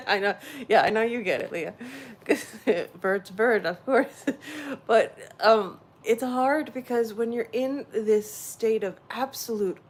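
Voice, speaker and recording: A woman hosting a casual spiritual livestream, rambling warmly and answering her viewers' chat directly. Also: medium pitch, a little hiss or hum. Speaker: livestream host.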